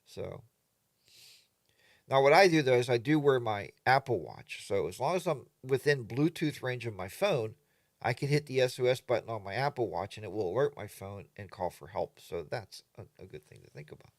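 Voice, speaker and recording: Brief: older male livestream host, chatty and animated, dry close sound. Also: medium pitch, normal speed, dry recording. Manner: animated, mimics other riders in exaggerated voices. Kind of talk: casual live chat reading viewer comments.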